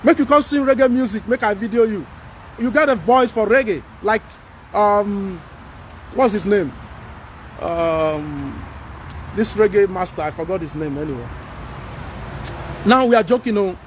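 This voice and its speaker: Nigerian guy on a livestream, fairly high voice, animated and pleading, faint background noise. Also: measured pace, long pauses. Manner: animated, pleading, mixes in Pidgin. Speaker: livestream host reading viewer comments. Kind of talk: casual livestream talk.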